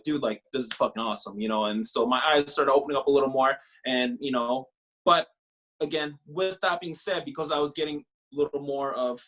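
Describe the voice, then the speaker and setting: A young man from Canada, a podcast guest and former pro ballplayer, telling his story in a casual, profane, animated way full of filler phrases. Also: mid-range voice.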